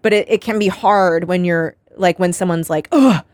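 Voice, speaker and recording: This woman, a podcast host, has a lowish voice and talks at normal speed in a casual chat. Her storytelling is lively, full of acted-out voices and frequent laughter. The sound is studio quality with no echo.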